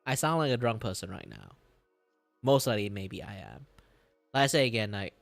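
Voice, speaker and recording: A man chatting casually on a live stream while he draws. He rambles, sounds dizzy and disoriented, and breaks into sudden loud outbursts, swearing and laughter. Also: on the low side, huge pitch swings, fairly quick, gravelly, dry recording, faint music behind. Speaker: art streamer.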